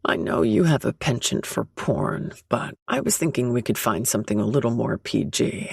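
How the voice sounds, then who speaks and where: Woman doing a flirty confident guy from a romance audiobook, low and teasing, husky. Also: animated, moderate pace, no room sound, clean studio sound, full character voice. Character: confident flirtatious adult man, calm and teasing.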